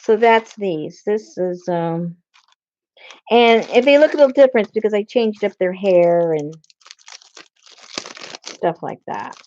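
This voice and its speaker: Her medium-pitched voice is expressive and dark, paced in a measured way with long pauses, and the highs are cut off. She hosts a casual crafting video indoors in her craft room, rambling to herself as she searches her supplies.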